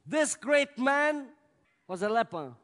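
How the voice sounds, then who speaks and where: High, animated preacher in a big hall. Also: male voice. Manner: dramatic swings between loud outbursts and hushed, drawn-out words. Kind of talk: sermon. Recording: long reverb of a large hall.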